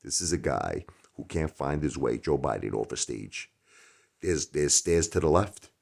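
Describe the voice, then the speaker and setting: A middle-aged man hosting his own channel, talking casually in a rhetorical opinion monologue that swings from loud outbursts to muttered asides. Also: rumbling low, a little slow, gravelly. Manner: animated, rhetorical, jumps between loud and mumbled asides. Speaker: YouTube channel host.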